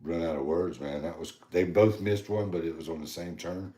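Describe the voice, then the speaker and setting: A very deep-voiced man, co-hosting a laid-back podcast. He tells rambling stories and mimics the people in them. The sound is roomy and echoey. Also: steady tone, moderate pace, dark tone. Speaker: podcast co-host. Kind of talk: casual chat.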